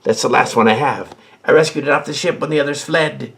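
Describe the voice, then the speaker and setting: Woman playing a husky, gravelly male crewman, blunt and matter-of-fact. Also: a bass voice, brisk, fairly bright tone, full character voice.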